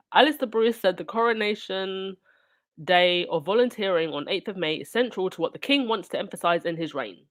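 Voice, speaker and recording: A woman hosts her own channel, reading news items aloud in a plain mid-range voice. She keeps breaking off into sarcastic, indignant commentary. Her delivery moves between steady reading and pointed rhetorical questions. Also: mid-range voice, normal speed.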